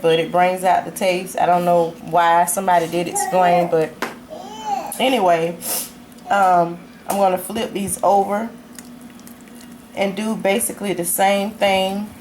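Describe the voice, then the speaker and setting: A woman's voice: lowish voice, darkish tone. A woman walking viewers through a home recipe in an easygoing, chatty way as she cooks in her kitchen. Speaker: home cook demonstrating a recipe. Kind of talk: casual cooking tutorial. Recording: noisy kitchen with clattering dishes and pans.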